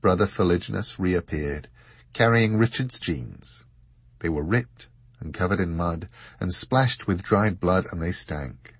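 Low husky male audiobook narrator. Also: a little slow, dry recording. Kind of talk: scripted narration.

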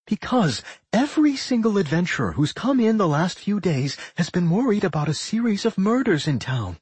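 A man voicing a worried, sharp-minded female pixie who thinks aloud and scolds her partner. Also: high voice, very animated, moderate pace, husky, no echo, voice pushed up, heavily acted.

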